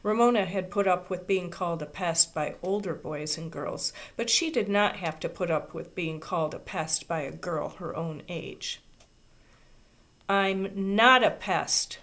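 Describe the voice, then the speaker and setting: A woman reading a children's chapter book aloud in a soft, expressive, unhurried voice. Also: lowish voice. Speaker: reader. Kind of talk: storybook read-aloud.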